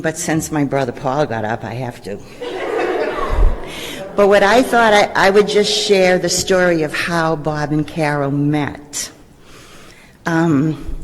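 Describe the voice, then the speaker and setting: An older woman giving an informal speech about her brother at a gathering, chatty and rambling, often repeating herself as she tells a family story. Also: sits low. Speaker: sister giving a memorial speech. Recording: echoey hall with faint noise.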